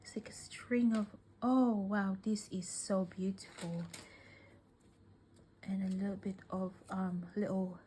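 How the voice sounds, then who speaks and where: A woman vlogger unboxing crafting gifts in casual chat, gushing and emotional, often dropping to soft whispers, tearful and welling up. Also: medium pitch, level tone, a little hiss or hum. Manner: slow, with many fillers and sighs.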